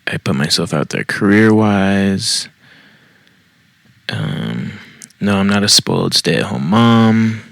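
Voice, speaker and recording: A man's voice: low voice, expressive, slow pace, creaky, long pauses, dry recording. A man hosting a podcast, reading a post aloud and breaking off with blunt, profane, mocking asides. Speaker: podcast host.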